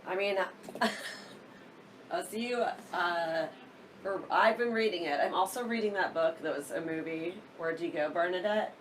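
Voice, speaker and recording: A woman's voice: fairly low pitch, a little slow, recorded from a distance, slight background noise. A woman co-hosting a podcast in casual chat, giggly and chatty, often restarting her sentences. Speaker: podcast co-host.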